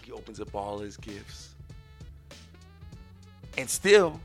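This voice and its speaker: Guy hosting a podcast, bright punchy voice, gets loud then quiet, faint music behind. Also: on the low side, takes it slowly. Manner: animated, swings from quiet to loud. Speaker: podcast host. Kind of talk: casual storytelling chat.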